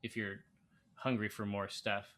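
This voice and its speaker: Guy cohosting a brew stream, bright tense voice, lots of uh and restarts. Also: on the low side, level tone. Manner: halting, many fillers and restarts, chuckles. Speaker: co-host of a live brewing stream. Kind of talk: casual chat while reading viewer comments.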